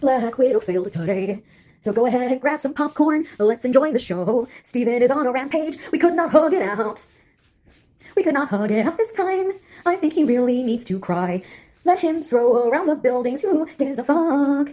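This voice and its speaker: A woman's voice: sits high, lively intonation, moderate pace, warm tone. A woman voicing an unhinged female villain who taunts and goads a giant, swearing and breaking into singsong. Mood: manic. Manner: erratic, swearing, singsong outbursts.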